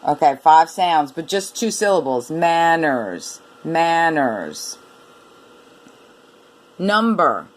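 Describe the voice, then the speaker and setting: A woman teaching a reading lesson to children, repeating each word and sounding it out letter by letter in a slow, deliberate way. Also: low-pitched, animated.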